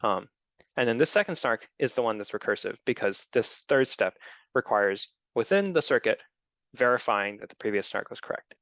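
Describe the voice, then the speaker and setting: A man's voice: mid-range voice, animated, normal speed, fairly bright tone, no room sound. A man giving a technical talk, explaining step by step with frequent ums and restarts. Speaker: presenter. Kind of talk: technical talk with audience questions.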